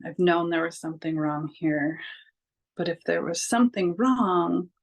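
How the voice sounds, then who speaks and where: A woman's voice: lowish voice, a little slow. A young adult woman telling her own story in a vlog, candid and casual, with many fillers and frank swearing. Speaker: vlogger.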